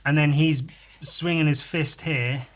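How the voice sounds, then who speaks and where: A man's voice: a little high, fairly even intonation, measured pace, a little hiss or hum. A man casually chatting as he draws live for a podcast, rambling, muttering to himself and tossing in crude jokes. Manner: rambling, crude jokey asides, muttering while working. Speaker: podcast host drawing live. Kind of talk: casual chat while drawing.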